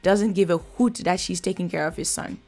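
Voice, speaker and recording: A woman talks through a reality TV episode in a casual, outspoken way, scolding the people on screen. Her voice has a gravelly, fried edge, and faint music plays quietly underneath. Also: fairly low pitch, brisk. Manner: chatty, blunt, scolding. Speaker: reality TV reviewer. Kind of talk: casual reaction commentary.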